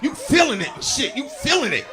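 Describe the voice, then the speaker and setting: A man's voice: extremely high pitch, sing-song, brisk, some chatter behind. Punchy man in his forties doing stand-up. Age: 40s. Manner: loud, punchy, acts out body parts talking. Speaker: stand-up comedian. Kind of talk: stand-up routine.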